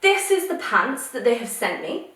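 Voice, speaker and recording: A woman's voice: on the high side, sing-song, normal speed, fairly bright tone, far from the mic. Young woman, exasperated haul vlog rant, very roomy echo. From United Kingdom. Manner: ranting, exasperated. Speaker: vlogger. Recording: echoey room, voice a little off mic.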